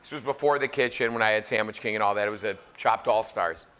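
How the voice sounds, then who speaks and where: A man in his forties, a chef, telling funny stories live to a crowd in a casual, animated way. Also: on the low side, fast, clean tone. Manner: animated, joking, filler-heavy. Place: live event venue.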